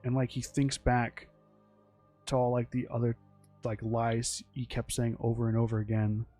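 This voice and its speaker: A man rambles through the plot of his own characters in a casual, offhand way, stopping and restarting sentences and swearing freely. His voice sits at an ordinary middle pitch, and soft music plays faintly underneath. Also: monotone, normal speed. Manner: meandering, full of fillers, restarts and swearing. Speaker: creator describing his original characters.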